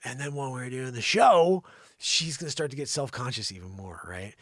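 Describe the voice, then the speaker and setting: A man hosting an improvised live comedy show, teasing and rambling, swinging from loud shouts to hushed whispered asides. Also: medium pitch, animated, moderate pace, dry recording, studio quality.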